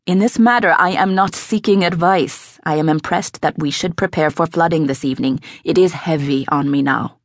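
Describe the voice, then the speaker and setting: A woman voicing an elderly male abbey head who is stern and impatient. His voice is rough, as if he is holding back a cough, and he speaks in curt, sarcastic lines. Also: sits low, moderate pace, hardly any pauses, dry recording, clean studio sound. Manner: curt, clipped, coldly sarcastic, roaring when crossed.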